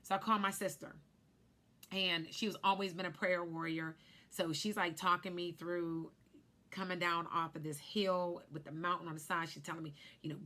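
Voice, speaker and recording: A woman in her thirties, a life insurance agent, telling a personal story in an animated way on a vlog. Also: fairly low pitch, moderate pace. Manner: animated storyteller who acts out quotes.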